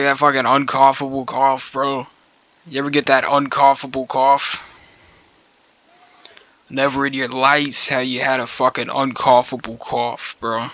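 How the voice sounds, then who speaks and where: A man streaming while he chats, his voice very bright and sharp, with a roughness that smoking has left in it. He rambles loosely, swears freely and ends his sentences with a drawled "bro." The pitch sits in an everyday middle range. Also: no echo. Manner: rambling, profane, slangy, calls listener bro. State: hoarse from smoking. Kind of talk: casual stream chat.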